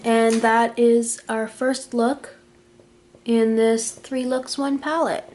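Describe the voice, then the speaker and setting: A woman's voice: fairly high pitch, steady tone, slow, a little mellow, a little hiss or hum. Chatty woman vlogger in an echoey room. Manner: chatty, talks through each step while applying makeup. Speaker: beauty vlogger. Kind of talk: casual makeup tutorial narration.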